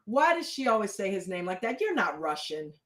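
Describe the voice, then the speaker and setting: A woman's voice: mid-range voice, big pitch swings, a little fast, reverberant, rough recording. A woman hosting a casual reality TV recap, blunt and chatty, swearing freely. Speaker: reaction show host.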